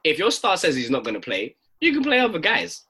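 A man's voice: fairly high pitch, fairly quick. A young man, co-hosting a casual podcast chat, telling stories in slang and laughing often. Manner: animated storyteller, London slang, laughs often. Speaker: podcast co-host.

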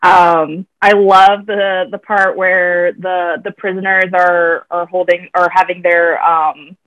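A woman's voice: lowish voice, flat delivery, takes it slowly, fairly bright tone, dry recording, highs cut off. Giggly woman rambling about a movie. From American South. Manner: laughing often, rambling with fillers. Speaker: podcast co-host. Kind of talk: casual podcast film chat.

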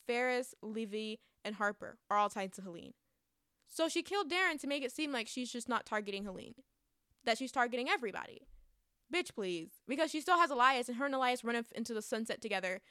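A woman's voice: on the high side, clean tone, no echo, studio quality. A young woman giving a casual, emotional spoiler review of a book, ranting and swearing with frustration. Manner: emotional, ranting, profane, animated.

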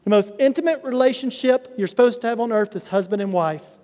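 A man's voice: extremely high pitch, brisk, darkish tone. A middle-aged man preaching a sermon as a pastor, earnest, with emphatic repetition. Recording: reverberant hall sound.

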